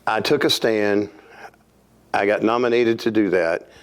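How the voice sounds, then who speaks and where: A man's voice: on the low side, unhurried, clear, resonant tone. A man with a Southern US accent, a pastor, telling stories in a plainspoken, earnest way during a Bible study. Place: church hall.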